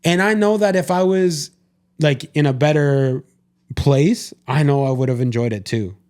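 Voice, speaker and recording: A man's voice: on the high side, moderate pace, a little mellow. A young adult man co-hosting a podcast, telling a story in casual chat, rambling and correcting himself as he talks to listeners. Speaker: podcast co-host.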